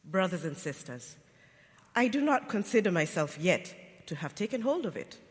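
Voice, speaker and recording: A man with an English accent reading scripture aloud in a measured, formal way. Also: high-pitched, very animated. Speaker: scripture reader. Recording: distant, reverberant church hall.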